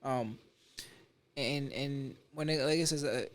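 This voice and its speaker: Man, podcast host, halting questions, mid pitch. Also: a little hiss or hum. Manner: hesitant, restarts questions. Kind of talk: casual interview talk.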